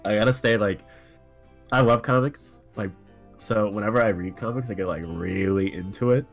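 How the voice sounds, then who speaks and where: Deep-voiced congested young man. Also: moderate pace, faint music behind. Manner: rambling, lots of fillers. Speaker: co-host. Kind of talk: casual chat.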